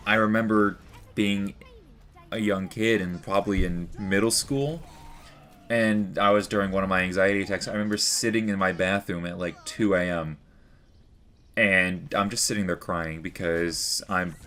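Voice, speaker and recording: A young man recounts a personal story straight to camera, his voice sitting fairly low. He talks in an earnest, meandering way, filling gaps with "like" and "you know." A faint background hum sits under his voice. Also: fairly bright tone. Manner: rambling, earnest, heavy use of "like" and "you know". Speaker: vlogger.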